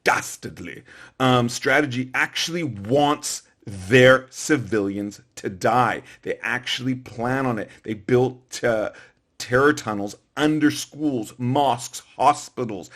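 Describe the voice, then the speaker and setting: A man's voice: mid-range voice, takes it slowly, a bit bright. Emphatic man delivering a political monologue. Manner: emphatic, repetitive, frequent fillers and restarts. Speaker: political commentator. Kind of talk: opinion monologue.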